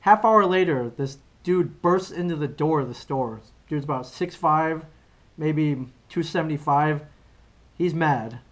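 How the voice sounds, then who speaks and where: A man's voice: on the high side, measured pace. A man co-hosting a podcast, chatting casually and telling a story with loose restarts and fillers. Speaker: podcast co-host. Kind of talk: casual chat.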